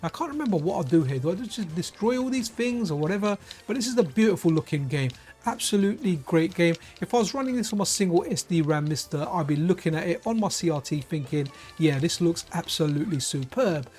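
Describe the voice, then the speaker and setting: A man's voice: on the high side, animated, a little fast, few pauses, a little mellow. A middle-aged man giving casual gameplay commentary as a retro gaming YouTuber, chatty and laughing often as he tells stories.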